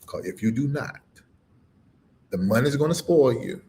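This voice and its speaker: A middle-aged man preaching on a live stream, emphatic and informal, swinging between loud punches and low murmurs and repeating phrases with a rising cadence. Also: lively intonation, moderate pace, creaky, a little hiss or hum. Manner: informal, dropped verb endings. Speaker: preacher and livestream host.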